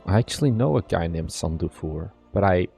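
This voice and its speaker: Hoarse young game-dev streamer, lowish voice, chatty and rambling, faint music under. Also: male voice, lively intonation, fairly quick, mellow. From Belgium. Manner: chatty, greets chat by name, rambling asides. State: strained, partly lost voice. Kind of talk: casual live stream chat.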